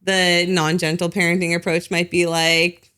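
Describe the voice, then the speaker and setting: A woman's voice: on the low side, little pitch movement, normal speed, bright, forceful tone, clear, resonant tone. A woman psychologist, a guest on a podcast, explaining at length in casual talk with lots of "like" and "you know.". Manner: acts out short parent quotes in other voices.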